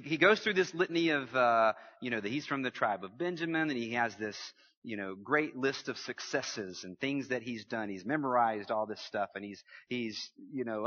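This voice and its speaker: A man's voice: mid-range voice, in a large hall. Guy preaching, big swings, jokes w the crowd, kinda muffled recording. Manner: lively preaching with humor and audience call-outs. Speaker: pastor. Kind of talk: sermon.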